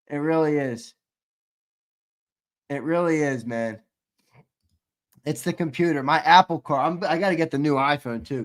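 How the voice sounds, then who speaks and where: A man co-hosting a live sports stream, running a giveaway shuffle, reading viewer chat and shouting out winners, swearing casually. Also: on the high side. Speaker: sports show co-host.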